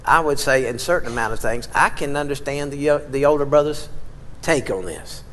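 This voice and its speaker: Preacher with a long hall echo. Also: male voice, medium pitch, moderate pace, fairly bright tone, slight background noise. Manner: conversational preaching with dramatic emphasis. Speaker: pastor. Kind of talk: sermon. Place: church sanctuary. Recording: long reverb in a large hall.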